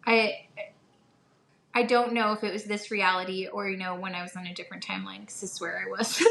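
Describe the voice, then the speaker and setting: A woman co-hosting a podcast in chatty, animated casual conversation, quick to laugh. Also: medium pitch, vocal fry, a little hiss or hum. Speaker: podcast co-host. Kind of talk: casual chat. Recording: roomy echo.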